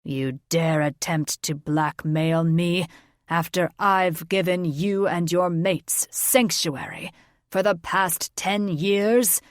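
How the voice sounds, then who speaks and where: A woman voicing a blustering, hot-tempered male dragon king in an audiobook, gruff and domineering. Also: lowish voice, slow, no room sound, studio quality. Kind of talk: audiobook character voice.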